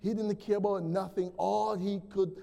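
A male pastor with a high, mellow voice delivers an animated sermon. He swings between loud calls to the congregation and hushed, slowed passages. His voice rings with the long reverb of a church sanctuary. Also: gravelly.

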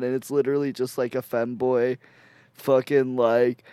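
A man's voice: medium pitch, level tone, moderate pace, warm tone, clear, resonant tone, no echo. A young man in casual, crude comedy chat who rambles, laughs often and leans on filler words. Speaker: podcast co-host.

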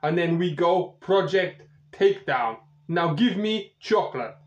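A blunt, demanding specialist barks orders in broken English, as a man puts him on. The voice sits higher than his narration and drawls slowly. The room echoes and the sound is a little muffled. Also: expressive. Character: pushy gruff male Russian specialist.

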